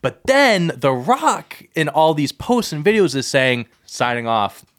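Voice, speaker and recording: A man co-hosting a podcast, talking through wrestling storylines in casual chat and getting heated as he goes. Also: a little slow. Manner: animated, heated rants that climb in pitch. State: out of breath. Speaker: podcast co-host.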